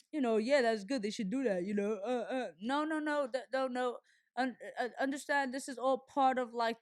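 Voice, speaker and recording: A woman's voice: on the high side, no echo, clean studio sound. A young adult woman hosting a show, talking candidly and animatedly in a casual monologue, with frequent restarts and fillers. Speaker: show host.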